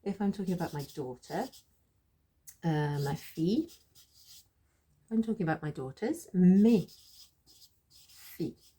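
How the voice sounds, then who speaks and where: A woman teaching a French lesson in a relaxed, explaining way, repeating phrases slowly and laughing at her own slips. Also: sits low, husky.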